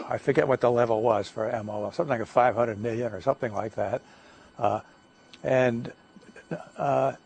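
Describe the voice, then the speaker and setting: An older man giving a guest lecture, telling stories in a halting way, with many fillers and restarts. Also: medium pitch, vocal fry, a little mellow, slightly rough. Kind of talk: anecdotal lecture talk. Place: lecture hall.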